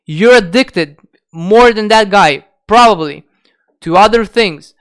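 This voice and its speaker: Profane, blunt man with a smooth voice. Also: high-pitched, takes it slowly, a bit bright. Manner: profane, blunt, many restarts and fillers. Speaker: diet vlogger. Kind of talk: unscripted rant to camera.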